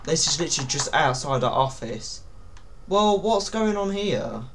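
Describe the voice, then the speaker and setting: A man's voice: on the high side, expressive, moderate pace, fairly bright tone, a little hiss or hum. Jittery young man gaming. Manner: panicky, pleading, yelps and nervous laughs. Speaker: gaming YouTuber. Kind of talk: horror game commentary.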